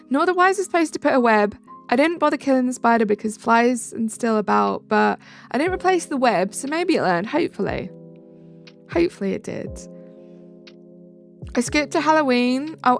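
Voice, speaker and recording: Young woman streamer from England, chatty, slightly high and gravelly, soft music underneath. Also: expressive, normal speed. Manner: chatty, reacts aloud to viewer comments. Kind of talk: live stream chat, reading comments. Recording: faint music behind.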